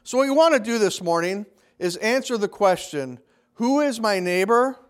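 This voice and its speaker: A man's voice: sits high, animated, moderate pace. A man preaching a conversational sermon, briefly acting out the people he quotes. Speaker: pastor.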